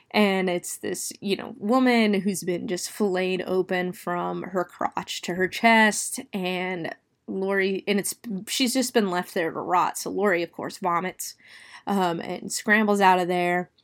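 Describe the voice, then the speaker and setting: Chatty woman recapping a horror novel. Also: mid-range voice. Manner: chatty, with many "like" and "you know" fillers; expressive, dwelling on gory detail. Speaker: book reviewer. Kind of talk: casual plot recap.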